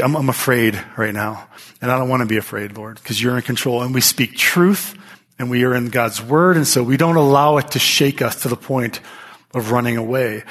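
Man preaching an animated sermon. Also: mid-range voice, breathy edge. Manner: animated storytelling with frequent restarts and rhetorical questions. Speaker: pastor.

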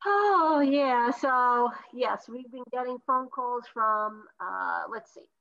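A woman's voice: on the high side, expressive, slow, vocal fry, fairly bright tone, muffled recording. Stuffy, tired woman on a call. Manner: chatty, storytelling with many restarts. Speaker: podcast co-host. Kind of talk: casual chat over video call.

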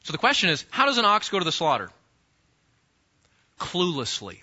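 A man teaching a sermon-style Bible lesson, animated and acting out the scenes he describes, often repeating himself. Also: high voice, racing, lo-fi sound.

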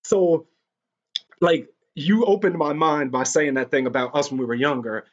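A man's voice: fairly high pitch, normal speed. Man telling stories with lots of "you know". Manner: rambling, frequent "you know" and restarts. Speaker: guest recounting personal experiences. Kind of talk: candid conversational storytelling. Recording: dull lo-fi recording.

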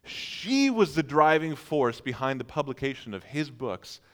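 A male pastor preaching a sermon with lively storytelling. He swings from hushed, low asides to sudden incredulous outbursts as he acts out the reactions of his listeners. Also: a little slow.

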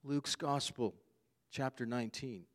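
A man's voice: mid-range voice, a little slow. A man preaching a sermon, earnest and emphatic, repeating his key phrases for weight. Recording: long hall reverb.

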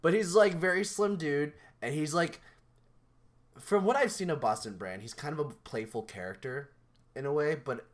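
Rambling, animated young man on a podcast. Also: fairly high pitch, normal speed. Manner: animated, rambling, many restarts and fillers. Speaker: podcast co-host. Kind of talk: casual chat.

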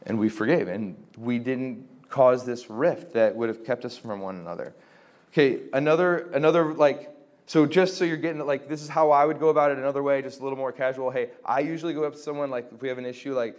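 A man's voice: medium pitch, brisk, darkish tone. A young man giving a casual teaching talk to a group on reconciling relationships, chatty and full of fillers, acting out quoted conversations. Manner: conversational, many fillers, acts out quoted exchanges. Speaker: Christian formation teacher.

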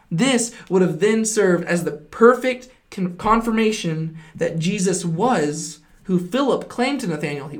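A Bible teacher explaining a passage earnestly, stressing points with repeated phrases and frequent "right?" check-ins. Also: medium pitch.

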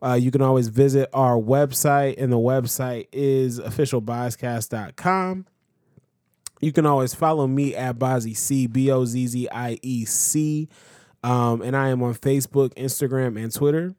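A man's voice: medium pitch, steady tone, moderate pace, darkish tone, no room sound, clean studio sound. A man co-hosting a podcast, talking in a casual, exasperated way and laughing through his protests. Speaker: podcast co-host. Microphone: podcast microphone.

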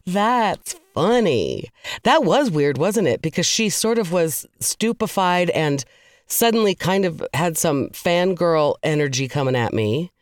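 A woman co-hosting a podcast, telling stories in a casual, animated way, laughing often and swearing now and then. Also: fairly low pitch, slow, dry recording, studio quality. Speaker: podcast co-host. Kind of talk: casual chat.

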